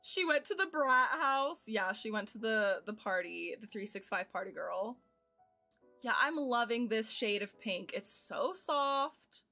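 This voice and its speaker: Giggly American woman streamer in her twenties, slightly high voice, soft game music underneath. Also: animated, measured pace. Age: 20s. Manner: chatty, giggly, thinks aloud. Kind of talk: casual chat while playing a game.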